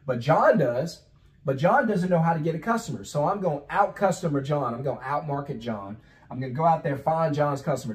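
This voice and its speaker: Higher-voiced man coaching on business. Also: lively intonation, fairly quick, low-quality recording. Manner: conversational, asks rhetorical questions and acts out sales calls. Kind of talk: instructional talk.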